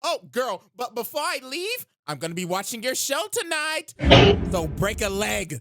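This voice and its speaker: A man's voice: on the high side, very animated, moderate pace, music in the background. A man voicing a cruel, scheming young princess who drawls threats in a sassy, bossy way. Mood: sly. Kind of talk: comedic recap voice acting.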